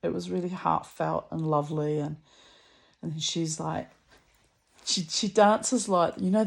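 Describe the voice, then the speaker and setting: A woman's voice: low-pitched, vocal fry, a little mellow. A woman telling a story in a chatty, rambling way, blunt and salty, with lots of asides and restarts. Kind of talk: casual storytelling monologue.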